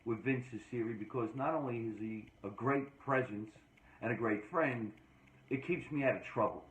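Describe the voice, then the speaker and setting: A man from New Jersey hosting a casual podcast chat, energetic and joking with emphatic delivery. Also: mid-range voice, normal speed, a little hiss or hum. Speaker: podcast host. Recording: echoey room, dull lo-fi sound.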